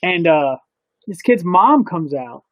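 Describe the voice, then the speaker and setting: A man's voice: high voice, takes it slowly, no echo, phone-quality sound. A man co-hosting a casual podcast, telling crude stories with lots of swearing and sound effects. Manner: laid-back, profane, animated storytelling with sound effects. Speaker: podcast co-host.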